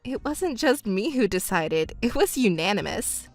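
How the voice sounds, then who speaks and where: A woman voicing a cool-headed young stepdaughter who speaks calmly and coldly in a texting story. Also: medium pitch, measured pace, no room sound, soft background music, pitched below the performer's own voice. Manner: calm, cold and matter-of-fact.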